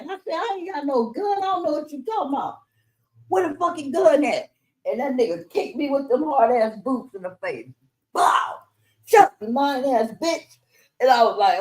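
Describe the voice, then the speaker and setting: A woman's voice: high-pitched, animated, moderate pace, a little mellow, rough recording. A middle-aged woman from Los Angeles telling her life story in a casual interview, cursing freely and acting out the voices of the people in it. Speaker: interview guest.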